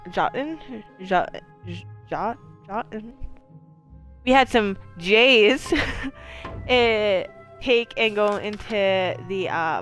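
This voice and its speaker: A woman's voice: medium pitch, smooth. A woman streamer giving casual, rambling commentary while she plays, with lots of fillers, the odd swear word and easy laughter. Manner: laughs easily. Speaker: game streamer.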